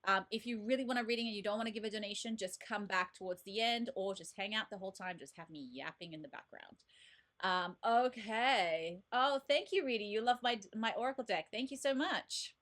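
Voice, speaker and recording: A woman's voice: mid-range voice, brisk, a bit bright. A woman in her thirties hosting a casual live stream as a card reader, bubbly and chatty, greeting viewers by name from her home desk. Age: 30s. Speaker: livestream host and oracle card reader.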